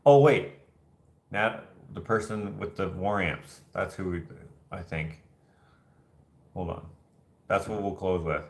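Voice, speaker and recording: Guy chatting with his stream, kinda low voice, animated storyteller, room echo. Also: takes it slowly, vocal fry, pauses often. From Canada. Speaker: host. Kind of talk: casual livestream chat, reading viewer comments.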